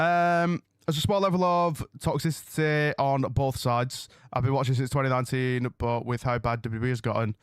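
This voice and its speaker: Rambling male streamer, mid pitch, chatty and meandering, close dry sound. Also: dry recording. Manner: rambling and chatty, loses his train of thought. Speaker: streamer hosting a wrestling watch-along. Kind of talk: casual live-stream chat. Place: home room.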